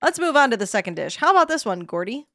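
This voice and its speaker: Woman as an upbeat TV-show host, high voice, dry close sound. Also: sing-song, fast, fairly bright tone, dry recording. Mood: presenting.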